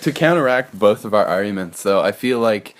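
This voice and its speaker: A man's voice: fairly low pitch, animated, brisk. A young man co-hosting a casual podcast, chatty and loose, laughing and swearing as he asks questions. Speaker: podcast co-host. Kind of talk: casual chat.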